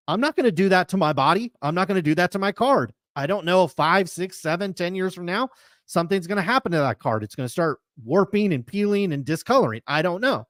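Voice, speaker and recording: A man's voice: high voice, a bit bright, dry recording, studio quality. A man hosting a live sports card talk show, chatting in an emphatic, rambling way that piles up comparisons. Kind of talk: casual opinionated chat.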